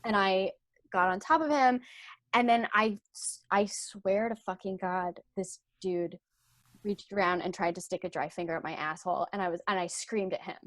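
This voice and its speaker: A woman's voice: normal speed, dry recording, studio quality. A young woman, a podcast guest, frankly telling a personal story and laughing as she goes. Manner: frank, laughs through the telling, animated swings in pitch and volume. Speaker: podcast guest, intimacy coordinator.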